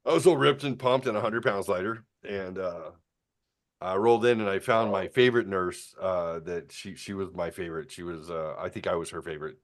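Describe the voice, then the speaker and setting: Brief: low-voiced man in his fifties hosting a loose chat, rambling storyteller who keeps restarting sentences. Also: brisk. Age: 50s. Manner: acts out quoted people in a raised voice. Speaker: host. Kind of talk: casual chat.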